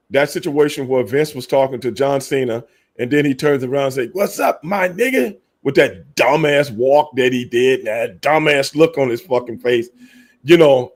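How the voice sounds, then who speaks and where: Emphatic, profane man on a podcast. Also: mid-range voice. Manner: emphatic, profane, repeats points. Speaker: podcast co-host. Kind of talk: casual podcast debate.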